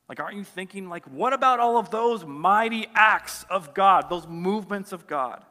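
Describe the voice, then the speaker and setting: A man preaching a sermon, talking conversationally and leaning on "like" as he goes. His voice sits high and bright, punching out some points loudly and dropping to near-quiet asides on others. The sound carries a long reverb from a large hall. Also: lively intonation, moderate pace, hardly any pauses. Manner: conversational, many "like" fillers, swings between loud emphasis and soft asides. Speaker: pastor.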